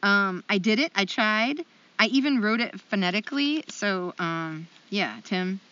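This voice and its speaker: A woman's voice: mid-range voice, expressive, measured pace, pushed and bright, highs cut off. A woman co-hosting a casual podcast, chatty and self-deprecating, with lots of ums. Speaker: podcast co-host.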